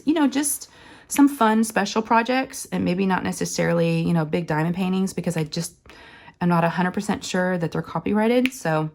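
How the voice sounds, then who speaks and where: A woman hosting a crafting channel, chatting casually while she works, her voice hoarse and scratchy from being sick, rambling along with lots of fillers. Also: fairly low pitch, darkish tone. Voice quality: raspy, scratchy. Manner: rambling and chatty, full of fillers, says y'all. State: hoarse from illness. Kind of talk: casual chat while diamond painting.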